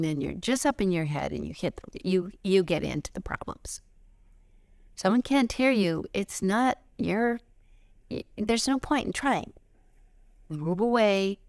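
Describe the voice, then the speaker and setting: A middle-aged woman giving a spiritual lesson outdoors, expressive, jumping from high excited bursts to soft whispers. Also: vocal fry, no echo, clean studio sound. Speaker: spiritual teacher.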